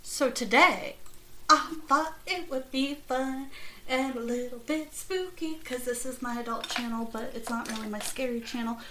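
A woman's voice: high-pitched, moderate pace, bright, forceful tone, a little hiss or hum, low-quality recording. A woman hosting a podcast in casual chat, rambling and chatty with jokey asides. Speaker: podcast host.

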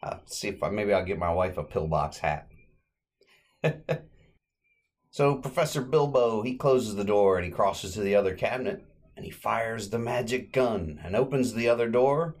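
A man hosting a podcast, retelling an old comedy short in a relaxed, rambling way with frequent fillers. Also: on the low side, normal speed. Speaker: podcast host. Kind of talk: casual podcast recap.

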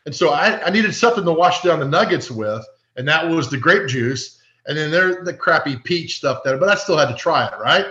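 A man with a bright, forceful voice, pitched a touch high, tells lively stories as a podcast guest. He slips into the voices of the people he quotes. The sound is roomy and dull, like a lo-fi echoey recording. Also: fairly quick, few pauses. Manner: animated, acts out quoted voices. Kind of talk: casual storytelling chat.

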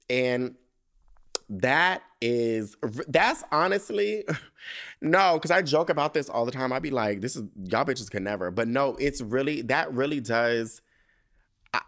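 A man talking through a solo podcast in loose, slangy, profane chat. His pitch sits mid-range, yet he swoops up high for excited asides and laughs often, leaning hard into each story. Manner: animated storytelling, jumping into high excited quoting, frequent laughter; casual slangy speech with profanity. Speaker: podcast host.

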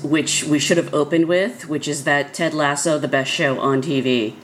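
A woman's voice: deep voice, fairly even intonation, moderate pace, a little hiss or hum. A woman panelist talking animatedly and enthusiastically on an entertainment podcast. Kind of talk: casual panel chat.

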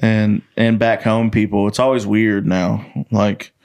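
A man's voice: on the low side, measured pace, clean tone. A young man hosting a casual podcast, telling stories with lots of swearing and acting out the people he quotes. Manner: animated, swearing, acts out quoted voices. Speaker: podcast host, country singer. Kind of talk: casual storytelling chat.

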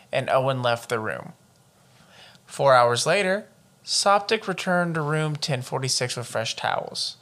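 A man's voice: fairly high pitch, pushed and bright. A man co-hosting a podcast, reading out a true-crime case in casual chat with profane, joking asides. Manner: profane and joking, wanders off into riffs. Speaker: podcast co-host.

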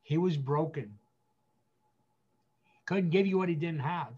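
A man speaking as a guest pastor, giving earnest counsel with emphatic repetition, slowing down to stress key phrases. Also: on the high side, darkish tone, breathy edge, muffled recording.

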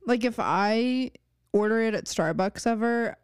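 A woman's voice: on the high side, measured pace, clean tone, no room sound, studio quality. Wry young woman podcast co-host. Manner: easygoing, wry, chatty with fillers. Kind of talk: casual chat.

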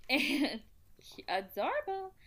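A woman's voice: high-pitched, slow pace. A young woman co-hosting a podcast, telling college stories in a casual, giggly way and laughing often. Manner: giggly, animated storyteller who laughs often. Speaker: podcast co-host. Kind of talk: casual storytelling chat.

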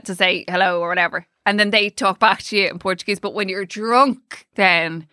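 A woman's voice: medium pitch, moderate pace, pushed and bright, no room sound, studio quality. A woman with a Dublin accent chatting casually, laughing often while telling anecdotes. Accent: Dublin Irish. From Dublin, Ireland. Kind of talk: casual chat.

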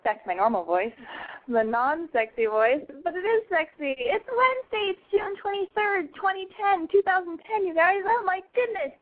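A woman hosting a call-in talk show, chatting in a brash, giddy, profane and animated way. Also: very high-pitched, moderate pace. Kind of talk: casual talk radio monologue. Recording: tinny phone-like sound.

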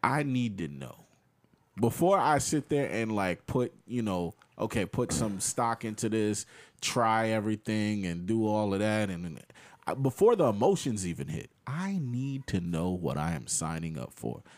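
A man's voice: lowish voice, very animated, normal speed. A young man hosting a casual podcast chat, posing questions, laughing often and talking in slang. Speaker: podcast host.

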